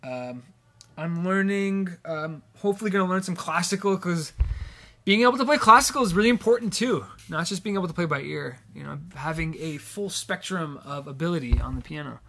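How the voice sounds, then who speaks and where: High, bright-voiced man chatting on a stream. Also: a little fast. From Massachusetts. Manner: chatty, reads out viewer comments. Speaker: pianist streaming live. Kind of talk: casual live-stream chat. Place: home studio.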